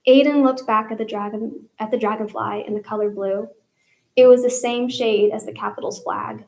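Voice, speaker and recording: A woman's voice: mid-range voice, steady tone, moderate pace, creaky, darkish tone, rough recording. A young woman, a student, reading her own fiction aloud live and polling listeners by show of hands. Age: young adult. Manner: storytelling narration, polling the audience by raised hands. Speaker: student reader.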